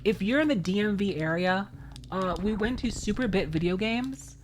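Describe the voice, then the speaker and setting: A woman's voice: medium pitch, animated, moderate pace, slight background noise. A woman streamer chatting casually while playing a game, laughing often and thanking viewers from chat.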